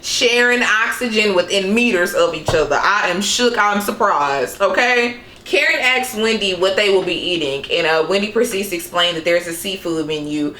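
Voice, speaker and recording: A woman's voice: mid-range voice, moderate pace, hardly any pauses, pushed and bright, reverberant. A young woman recapping a reality show in casual, sassy commentary, laughing often and throwing in slangy asides.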